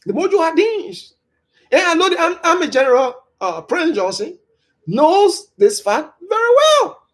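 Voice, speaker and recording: Brief: political commentator, high voice, very animated pitch, punchy stresses. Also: measured pace. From Liberia. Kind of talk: opinion commentary.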